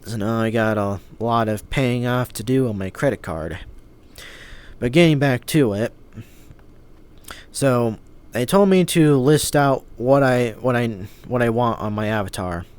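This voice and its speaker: A man recounts his story in a loose, rambling vlog, his voice sitting at an ordinary middle pitch. He sounds fed up, peppering his talk with swearing and restarting his sentences as he goes. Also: measured pace, a little mellow, clear, resonant tone. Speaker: vlogger.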